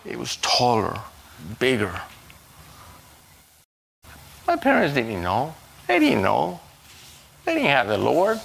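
A man preaching a sermon in a slow, halting way, repeating words and swinging suddenly between a low murmur and a high, loud cry. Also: huge pitch swings, gravelly, breathy edge. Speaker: pastor.

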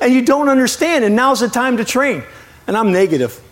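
A middle-aged man preaching as a guest, lively and joking, often breaking off to apologize to his listeners. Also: very high voice, fast talker. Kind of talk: sermon.

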